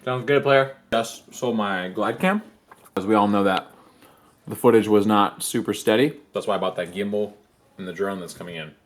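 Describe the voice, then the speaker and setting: A man's voice: lowish voice, normal speed, slight background noise. A young man from California vlogging casually about his car, laid-back and profane. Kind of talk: casual vlog. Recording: music playing behind.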